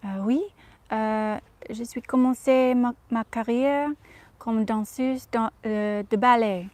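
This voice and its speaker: A woman's voice: a little high, fairly even intonation, a little mellow, no echo. Woman doing a 1950s film star speaking French. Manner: halting, careful French with hesitations. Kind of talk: reading an interview aloud in character.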